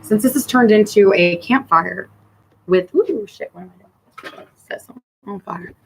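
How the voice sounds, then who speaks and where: A woman venting to her camera at her sister, bitter and profane, her voice dropping low or flaring hot. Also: moderate pace, creaky, slight background noise, low-quality recording. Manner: swings between muttering and heated outbursts. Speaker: vlogger addressing her sister. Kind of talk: personal rant to camera.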